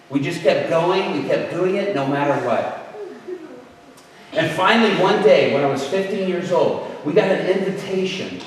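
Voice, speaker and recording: A man preaching, telling a story in an animated way and acting out the voices of the people in it, with shouted bursts. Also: on the high side, a little hiss or hum. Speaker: guest preacher. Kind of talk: storytelling sermon. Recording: roomy hall, far from mic.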